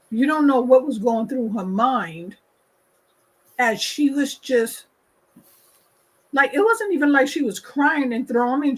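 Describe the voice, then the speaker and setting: A woman host with a high, husky voice shares her opinions in a slow, unhurried way. She is emphatic, stresses her points, and repeats them for weight. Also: poor audio. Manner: emphatic, repeats points, acts out quoted people. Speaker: talk show host. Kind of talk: opinionated casual discussion.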